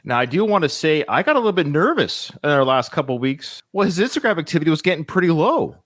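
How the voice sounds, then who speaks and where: A man's voice: a little high, sing-song, fast talker, a bit bright, dry recording. Joking male podcast host, dry sound. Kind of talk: casual podcast chat.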